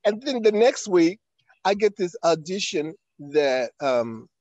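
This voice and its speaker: A man's voice: sits high, big pitch swings, takes it slowly, darkish tone, highs cut off. An older man, an actor, telling a long anecdote in an interview, acting out quotes and using frequent fillers. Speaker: actor guest. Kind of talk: storytelling in an interview.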